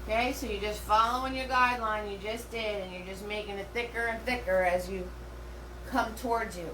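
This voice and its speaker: Far from the mic in a roomy room with a slight hum, the painting instructor, a middle-aged woman, rambles chattily through a live class, full of fillers and restarts. Her medium-pitched voice is brisk and fairly bright, with fairly even intonation.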